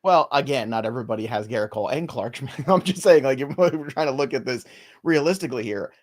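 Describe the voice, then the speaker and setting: A man with a New York accent co-hosting a live sports podcast, talking fast and joking between stats. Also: medium pitch, animated. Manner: quick, joking, laughs often. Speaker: fantasy baseball co-host. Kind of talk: casual live podcast banter.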